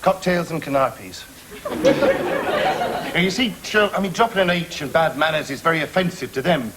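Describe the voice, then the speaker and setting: A social-climbing young husband, english accent, lively bouncy voice, rambling and eager. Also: male voice, on the high side, normal speed, a crowd in the background, noisy background. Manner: eager, rambling, full of "I mean". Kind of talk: 1980s studio sitcom acting.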